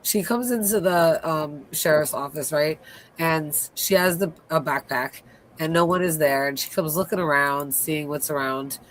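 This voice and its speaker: A woman hosting a casual live recap, retelling scenes in an animated way and acting out the characters' lines. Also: low-pitched, moderate pace. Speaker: host.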